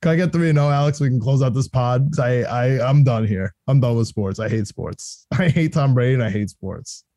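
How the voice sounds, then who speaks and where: A young man chatting on a sports podcast in a mellow, low-key timbre. He rambles excitedly, restarts his sentences and laughs a lot. The sound is close and dry. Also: a little fast, few pauses, dry recording. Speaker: podcast co-host. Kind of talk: casual sports podcast chat.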